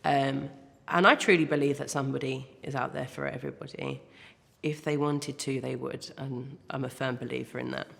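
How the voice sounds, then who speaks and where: A young adult woman giving earnest, heartfelt personal testimony as an interview guest, often pausing on hesitant fillers. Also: very deep voice, fairly even intonation, gravelly, fairly bright tone, big-room sound.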